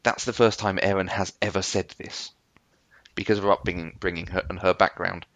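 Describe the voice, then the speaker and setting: A man co-hosting a casual podcast chat, relaxed and teasing, chuckling often. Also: low voice, fairly quick, no room sound. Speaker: podcast co-host.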